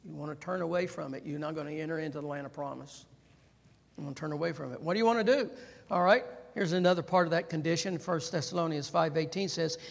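A man's voice: a little high, gravelly, breathy edge. A man preaching a sermon in a conversational way, checking in with "right?" and calling on the congregation to answer. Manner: animated, calls for congregation response. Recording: long hall reverb.

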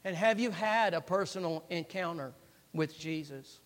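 A man preaching a sermon and reading scripture, swinging between loud emphasis and hushed, quiet phrases and repeating lines for emphasis. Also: fairly high pitch, normal speed. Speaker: pastor. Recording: long reverb of a large hall.

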